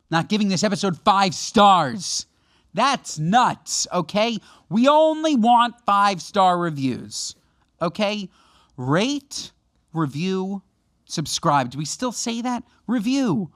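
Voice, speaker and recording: Male podcast co-host, lively swooping delivery, mock-outraged rants, dry close mic. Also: sits high, slow pace, no room sound. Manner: animated, mock-outraged ranting. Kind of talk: casual comedic podcast chat.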